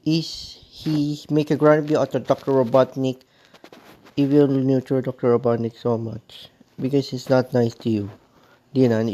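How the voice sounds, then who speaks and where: A man's voice: mid-range voice, mellow. A man ranting in a vlog monologue, stumbling over and repeating his words in an aggrieved, accusing way. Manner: halting, repetitive, stumbling phrasing. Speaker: vlogger.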